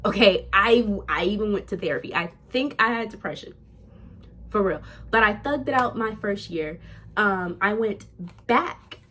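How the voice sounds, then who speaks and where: A young woman talks straight to her viewers in a relaxed vlog, candid and chatty. Her voice sits at an ordinary middle pitch for a woman. She speaks casually, calling her audience "y'all". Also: moderate pace, slight background noise. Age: young adult. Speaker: vlogger, nursing student. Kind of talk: casual talking-head vlog.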